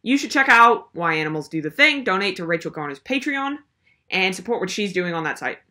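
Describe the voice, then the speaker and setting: A woman's voice: mid-range voice, big pitch swings, a little fast, sharp tone. A young woman hosting a comedic commentary video, ranting in a sarcastic, exasperated way. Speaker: video host.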